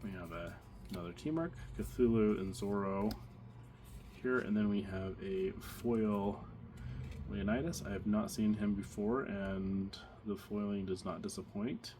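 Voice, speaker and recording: In this relaxed unboxing commentary, a man with a lowish voice opens card packs at an unhurried pace. He thinks out loud, full of fillers and restarts, while background noise and crinkling cards are audible.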